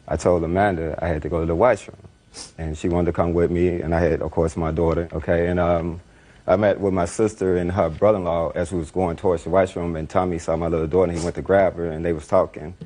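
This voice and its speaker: Brief: deep-voiced male defendant, fast and rambling courtroom testimony. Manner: rambling, repeats himself, animated retelling.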